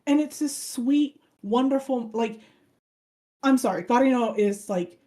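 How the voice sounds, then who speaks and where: A slightly high-voiced woman speaks at a measured pace while co-hosting a casual podcast. She tells an anime story with energy, acting out what the characters say.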